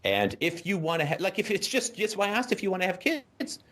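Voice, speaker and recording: A man's voice: sits high, wildly swooping pitch, a little fast, a bit bright. A man hosting a call-in show, giving a caller blunt, profane advice in an emphatic, lecturing way and often asking "right?".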